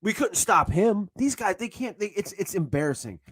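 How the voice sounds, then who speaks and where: A man ranting angrily as a football fan, swearing and bursting into shouts between sarcastic retellings. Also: high voice, sing-song, normal speed, slightly rough. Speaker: sports vlogger. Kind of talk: angry fan rant.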